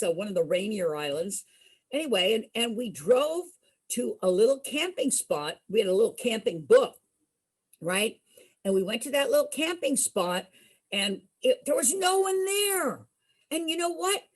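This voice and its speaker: A middle-aged woman spins a personal story for a group, her slightly breathy voice swooping up and down as she acts out every line she quotes. She sounds like a performer keeping listeners hooked. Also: fairly high pitch. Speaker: entertainer. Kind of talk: storytelling to an audience.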